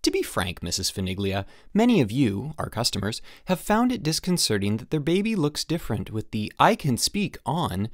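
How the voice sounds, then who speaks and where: A man narrating an audiobook in the first person as a letter, with an emphatic, animated delivery. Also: medium pitch, a little fast, hardly any pauses, no echo, studio quality. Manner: animated, emphatic on the product name. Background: faint background music.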